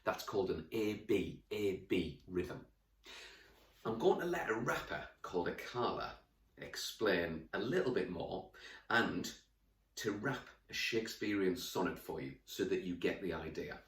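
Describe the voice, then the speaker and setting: Lively man teaching young children. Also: sits low, a little slow, echoey room, far from the mic. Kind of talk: classroom lesson to camera.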